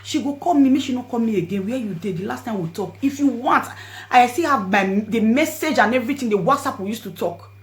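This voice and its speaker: A woman with a Nigerian accent telling a personal story to her viewers, swinging between hushed asides and loud pleading. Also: on the high side, animated, brisk. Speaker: vlogger. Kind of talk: storytelling to camera in Pidgin.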